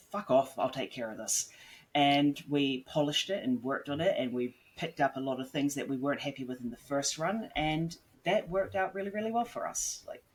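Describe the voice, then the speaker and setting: A man chatting as a podcast guest at a middle pitch, blunt and unbothered about swearing. He rambles through long explanations, padding them with "like" and quick asides. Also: a bit bright. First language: English. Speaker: guest author and editor. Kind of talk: casual podcast interview.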